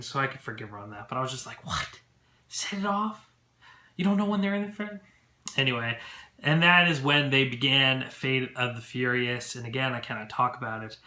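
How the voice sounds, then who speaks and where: A chatty, excitable man talks straight to his viewers in a loose, filler-heavy recap. His voice is bright and forceful. The room around him rings with echo. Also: mid-range voice. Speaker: movie vlogger. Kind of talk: casual event recap to camera. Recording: echoey room.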